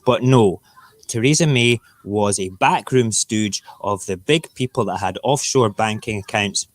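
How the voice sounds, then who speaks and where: Ranting Scottish man, low voice. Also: a little slow, dry recording. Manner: blunt, heated, swearing freely. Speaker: live show host. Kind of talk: ranting morning talk stream.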